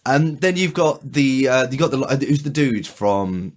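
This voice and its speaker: A man hosts a casual podcast chat with lots of enthusiasm. He rambles and restarts, swearing freely as he gets excited. His voice sits in an ordinary middle male pitch. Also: unhurried. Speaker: podcast host.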